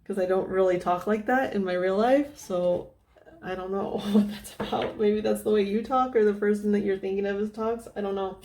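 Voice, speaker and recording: A woman giving a casual tarot reading, thinking out loud with lots of fillers and restarts, often dropping to a soft, near-whispered tone. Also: medium pitch, steady tone, normal speed, slight background noise. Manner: meandering, thinking aloud with many fillers. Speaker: tarot reader.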